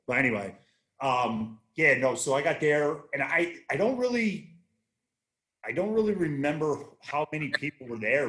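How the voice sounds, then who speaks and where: A man's voice: medium pitch, a bit bright. A man in his thirties, a guest on a casual chat show, telling rambling, profane stories with many restarts. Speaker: podcast guest, army veteran.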